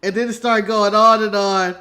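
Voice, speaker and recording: A man from the United States co-hosting a podcast, telling stories in an animated way with frequent laughs and casual swearing. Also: high voice, normal speed. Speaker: podcast co-host. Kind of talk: casual wrestling recap chat.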